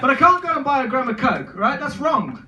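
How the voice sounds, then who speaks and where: A young man with a Birmingham accent doing a deadpan, self-deprecating stand-up set in a comedy club. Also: extremely high pitch, brisk, slight background noise. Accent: Birmingham English. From England. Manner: deadpan self-deprecating, many filler ums. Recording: roomy club sound from a distance.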